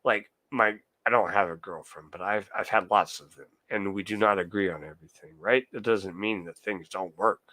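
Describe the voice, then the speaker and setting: A man's voice: fairly low pitch, normal speed, hardly any pauses, pushed and bright, no room sound. A young man streaming live, ranting heatedly and swearing a lot while answering his chat. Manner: profane, heated, talks to chat. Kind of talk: casual ranting monologue.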